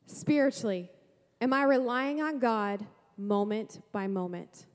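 A woman pastor preaching a sermon to a congregation, lively, asking rhetorical questions and making playful asides. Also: a little high, unhurried, long reverb tail.

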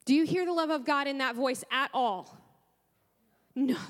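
High-voiced woman preaching with fervent emotion. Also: normal speed, long pauses, big-room sound. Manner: fervent and emotional, with sighs and repeated praise. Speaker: pastor. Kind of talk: sermon. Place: church sanctuary.

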